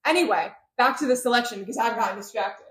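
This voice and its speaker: A woman's voice: a little high, quick pace. A woman co-hosting a book podcast, recapping the plot in a chatty, joking way. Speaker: podcast co-host. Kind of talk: casual book-club chat.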